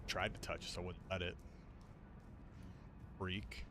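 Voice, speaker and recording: A man's voice: low voice, level tone, takes it slowly, background noise. A man streaming a game, exclaiming in panic and joking with his AI companion. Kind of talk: casual game commentary.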